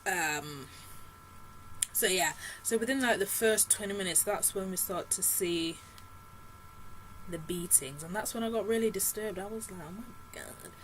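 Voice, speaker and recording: A woman's voice: medium pitch, moderate pace, pauses often, slight background noise, poor audio. A young woman vlogging a casual film review, retelling the story in a chatty, slangy way with lots of fillers and asides. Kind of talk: casual chat.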